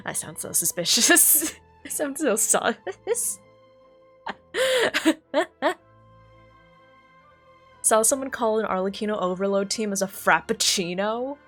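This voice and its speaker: A woman streamer in casual live-stream chat, playful and self-mocking, lower in energy than usual. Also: very animated, takes it slowly, pauses often, a bit bright, breathy edge, faint music behind.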